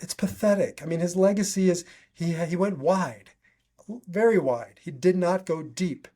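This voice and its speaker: A man's voice: high voice, normal speed, dark tone. A man hosting a solo podcast, talking earnestly and conversationally with frequent restarts. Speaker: podcast host.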